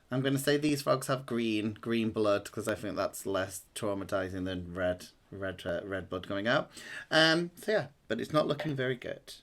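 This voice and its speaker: A man narrating as game master, relaxed and explaining rules with many fillers. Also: on the low side.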